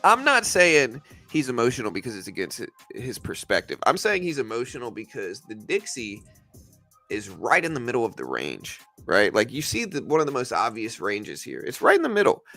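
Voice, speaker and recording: A man on a casual livestream argues with viewers in a bright, forceful voice. His pitch swings all over as he talks back to them, stumbling and repeating himself. Faint music plays underneath. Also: sing-song, moderate pace. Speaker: livestream host. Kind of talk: casual livestream market commentary answering chat.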